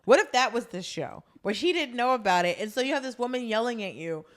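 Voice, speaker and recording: A woman's voice: on the high side, lively intonation, quick pace, a bit bright. A woman co-hosting a podcast, making sassy, joking comments in casual chat. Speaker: podcast co-host.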